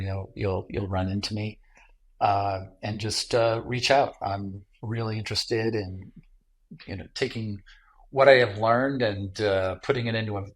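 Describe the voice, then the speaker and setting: A middle-aged man from Michigan, a tech entrepreneur guest, telling a travel anecdote in a casual interview, with lots of fillers and restarts. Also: on the low side. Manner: animated anecdote teller with many fillers.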